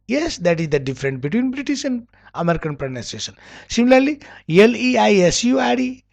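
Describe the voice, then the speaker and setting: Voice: mid-range voice, big pitch swings, fairly quick, creaky, a little mellow. A teacher with a Nepali accent, a native Nepali speaker, giving an English lesson. The teacher spells words out letter by letter, repeats them over and over and often stops to correct a word.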